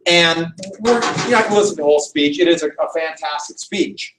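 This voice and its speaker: Lively storytelling man lecturing. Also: fairly high pitch, fairly quick, noisy background. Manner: lively storytelling, acts out quotes. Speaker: history lecturer. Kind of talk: classroom lecture. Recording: echoey room, mic far off.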